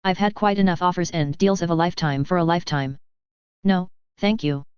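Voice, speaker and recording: Cheerful blunt alien busker, woman narrator voicing her, low smooth tone, dry close sound. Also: brisk, no room sound, lo-fi sound, close to an everyday voice. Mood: cheerfully blunt. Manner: polite but bluntly refusing.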